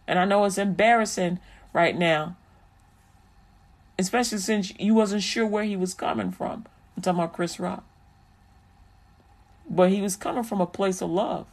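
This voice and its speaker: Preachy, encouraging vlogger. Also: medium pitch. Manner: repetitive, encouraging, sermon-like. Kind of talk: preachy inspirational commentary.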